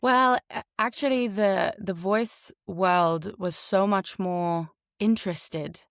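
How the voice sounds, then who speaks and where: A woman's voice: mid-range voice, slow, no echo, clean studio sound. Woman with an unplaceable international accent. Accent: international hybrid. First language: German. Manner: lively, chatty, heavy use of "like". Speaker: voice actor guest. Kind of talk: podcast interview.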